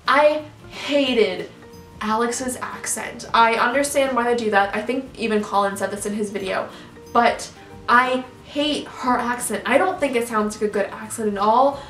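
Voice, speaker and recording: A woman's voice: fairly high pitch, unhurried, a bit bright, recorded from a distance. Young woman, YouTuber, casual rant, filler-heavy rambling, echoey room, faint music behind. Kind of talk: casual ranting reaction.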